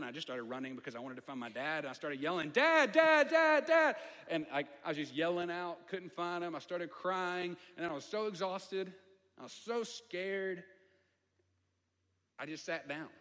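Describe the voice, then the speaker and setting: A man's voice: on the high side, fairly bright tone. Southern man telling a story in a reverberant hall. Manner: conversational with asides to the audience. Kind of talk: storytelling sermon.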